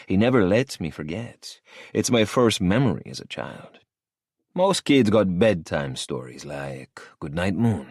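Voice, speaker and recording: A man's voice: low-pitched, a little mellow, no echo. A man narrating a first-person audiobook in a cool, hard-edged manner, close to the mic.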